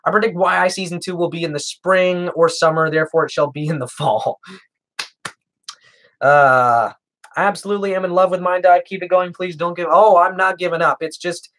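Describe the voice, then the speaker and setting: A man's voice: high-pitched, steady tone, moderate pace, a bit bright. Rambling young man streamer, lots of uhs. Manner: rambling and hesitant, with frequent "uh" and chuckles. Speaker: streamer answering chat. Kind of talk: casual livestream Q&A.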